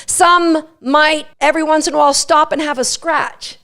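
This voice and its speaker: A woman who hosts a podcast and trains agility dogs, teaching in an animated, emphatic, playful way. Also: high voice, moderate pace. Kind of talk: instructional podcast talk.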